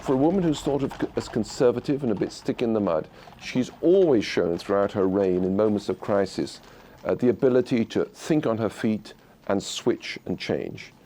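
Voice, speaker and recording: A man interviewed for a documentary, giving brisk, assured commentary. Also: lowish voice, animated, mellow, slight background noise.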